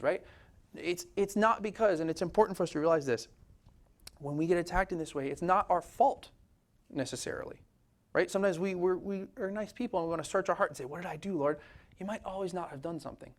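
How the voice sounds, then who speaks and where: A man's voice: high voice, fast. A man preaching a sermon in a casual, conversational way, often asking "right?" and laughing lightly. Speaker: pastor.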